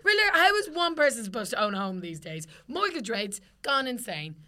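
Bright-voiced young Irish woman chatting. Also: a little high, a little fast. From Ireland. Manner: lively, sweary, laughing storyteller. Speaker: podcast co-host. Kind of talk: casual chat.

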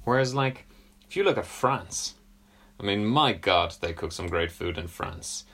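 A man's voice: deep voice, lively intonation, unhurried, a bit bright, husky. A British man in a casual comedic chat, rambling through self-deprecating stories. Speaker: podcast co-host.

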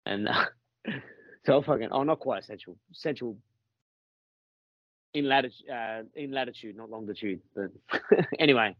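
A man's voice: mid-range voice, unhurried, long pauses, no echo, highs cut off. A man with an Australian accent telling a story in a casual podcast chat, rambling and swearing with many restarts.

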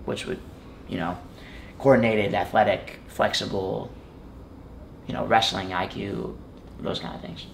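A man's voice: lowish voice, normal speed, gravelly, slight background noise. A young man talking casually as an interview guest, rambling with lots of fillers. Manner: rambling, many fillers like "like" and "you know". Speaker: guest, college wrestler.

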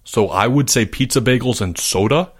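A man's voice: medium pitch, normal speed, breathy edge, lightly acted. A man voicing an earnest boy character who rambles a little, sounding somewhat distant from the mic.

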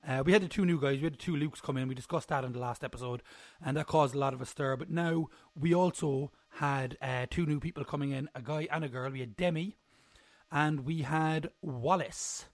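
A man's voice: on the high side, a little fast, no echo. Rambling jokey young man. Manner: rambling, jokey, self-mocking. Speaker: podcast host. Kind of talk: casual solo recap chat.

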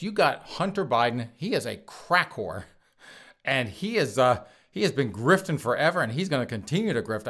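A man's voice: medium pitch, a bit bright. A man hosting a podcast, reading news stories and mocking them with crude, sarcastic asides. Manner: crude, sarcastic, laughing at his own jokes. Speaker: podcast host.

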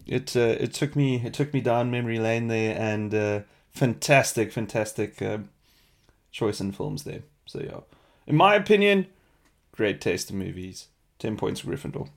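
A man hosting a casual question-and-answer podcast, chatty and animated, laughing often. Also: fairly low pitch, normal speed. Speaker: podcast host.

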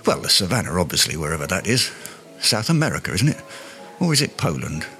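A man's voice: low-pitched, very animated, fast talker, pushed and bright, faint music behind, heavily acted. An actor playing a pompous, self-important Englishman in a radio sitcom, speaking in flowery words. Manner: grandiloquent, long-winded, flowery words.

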